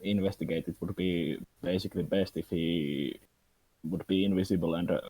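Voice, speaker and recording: Very deep-voiced man, hesitant. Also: steady tone, warm tone, husky, no room sound. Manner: hesitant, deliberate, with pauses on "uh". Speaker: tabletop game player. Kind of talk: casual planning talk at the game table. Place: home, online voice chat.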